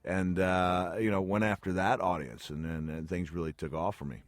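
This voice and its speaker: Middle-aged man, very low voice, dry studio sound, chatty, self-deprecating, laughs a lot. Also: fairly even intonation, moderate pace, dry recording. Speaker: guest, retired pro wrestler. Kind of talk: radio interview storytelling. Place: radio studio. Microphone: studio mic.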